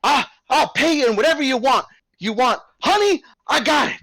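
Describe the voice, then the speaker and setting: Pushy circus ringleader, high and bouncy, voiced by a man. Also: lively intonation, sharp tone, no echo, heavily acted, poor audio. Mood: eager. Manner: fast-talking, wheedling salesman patter. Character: pushy short fat male ringleader, eager showman.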